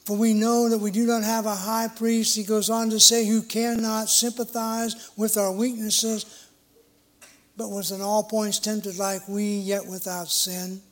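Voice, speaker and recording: Slow, high-voiced preacher man. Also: level tone. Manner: earnest, emphatic, slow measured delivery. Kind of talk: sermon.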